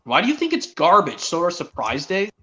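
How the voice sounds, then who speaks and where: A man's voice: sits high, wildly swooping pitch, fairly quick, sharp tone. A teenage boy streaming, chatting eagerly in a rambling way with many restarts. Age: teens. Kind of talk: casual chat.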